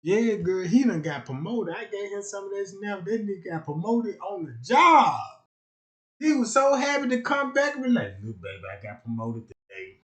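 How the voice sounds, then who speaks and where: Male streamer, higher-pitched, loose comedic rambler; loud one moment, muttering the next. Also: lively intonation, moderate pace. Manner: rambling, keeps asking "you know what I'm talking about"; swings between loud outbursts and low mutters. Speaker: live streamer. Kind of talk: casual comedic rant.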